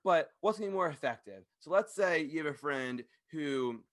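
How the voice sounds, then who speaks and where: A man hosting a podcast, ranting fast, loud and passionate into a studio microphone, swearing freely. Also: fairly high pitch, animated. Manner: fast-talking. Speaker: podcast host. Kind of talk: ranting monologue.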